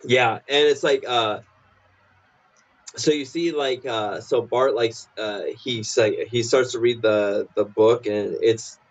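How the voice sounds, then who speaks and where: A man co-hosting a podcast stream, casually retelling cartoon scenes with lots of fillers and sudden high goofy voices for quotes. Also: fairly even intonation, takes it slowly. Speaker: podcast co-host. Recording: dull lo-fi stream audio.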